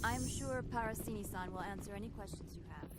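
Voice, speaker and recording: A woman's voice: mid-range voice, fairly quick, heavy background noise, natural voice. An actress playing a stern, officious female security captain in a video game, with a clipped official delivery. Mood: curt. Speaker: game character.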